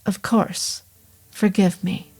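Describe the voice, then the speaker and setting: A woman voicing a hesitant, apologetic male doctor who rambles, in a slow audiobook reading. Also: high-pitched, flat delivery, gravelly, a little mellow, breathy edge, soft background music, heavily acted. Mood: uneasy. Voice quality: hesitant, halting. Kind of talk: audiobook character voice.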